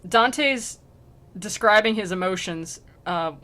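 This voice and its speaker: A woman's voice: mid-range voice, slow, sharp tone. Chatty, wry woman streamer. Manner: chatty, filler-heavy, wry. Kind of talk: casual retelling mixed with reading aloud. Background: faint music.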